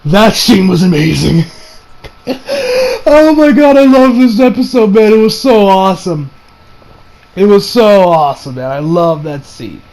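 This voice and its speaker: A man giving a casual, excited review of an anime episode, often laughing and acting out lines from the show. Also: high voice, measured pace, long pauses, poor audio. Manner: excited, laughing, acts out quotes in funny voices.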